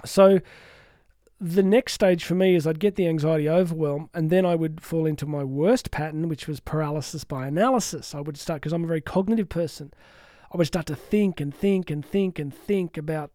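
A man's voice: on the high side, normal speed, dry recording, clean studio sound. A man giving a candid motivational talk as a life coach, joking at his own expense and acting out his inner voice in mock quotes. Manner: candid, self-mocking, animated asides.

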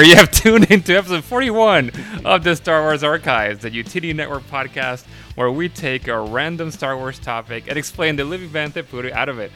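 A man's voice: fairly high pitch, fairly quick, sharp tone, faint music behind. A man co-hosting a podcast in casual chat, rambling and laughing often. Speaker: podcast co-host.

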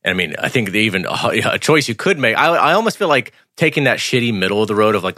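Bright sounding guy on a podcast, swears a lot, dry mic. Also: fairly low pitch, fast talker, few pauses, dry recording. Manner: animated, swears casually, laughs a lot. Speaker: podcast co-host. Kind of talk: casual chat reviewing a TV episode.

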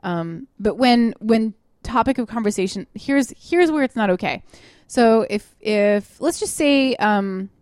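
A woman co-hosting a casual chat show, rambling and animated and mimicking other people for laughs. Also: fairly high pitch, a little slow, few pauses, clean tone, no room sound, studio quality. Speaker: podcast co-host. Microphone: studio microphone.

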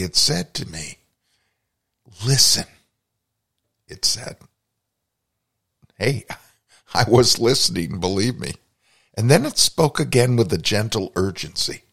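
Slow, gravelly-voiced man telling a story. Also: lowish voice, a bit bright. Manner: reflective, confessional. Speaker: podcast host. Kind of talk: personal storytelling narration.

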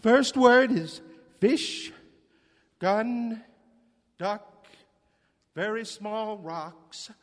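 An actor playing a cheery, bumbling police chief in a live radio play, guessing in a slow, folksy way. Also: male voice, sits high, long reverb tail.

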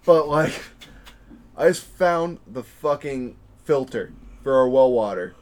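A man co-hosting a podcast in casual chat, blunt and swearing, animated in delivery. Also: mid-range voice, slow. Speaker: podcast co-host.

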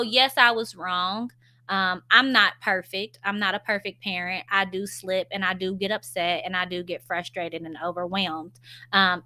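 Bright and forceful at a medium pitch, a young woman addresses her followers in a casual vlog. She's a stay-at-home mom talking frankly about parenting, her speech full of fillers and self-deprecating laughs.

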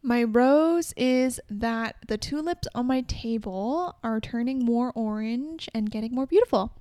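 A woman's voice: fairly high pitch, a little slow, dark tone, no room sound. A woman in her early twenties hosting her own solo podcast in a casual, rambling way, often restarting her sentences. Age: early 20s. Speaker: podcast host.

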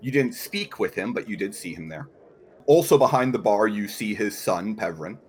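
A man narrating as game master in a relaxed, filler-heavy manner. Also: fairly low pitch, normal speed, husky.

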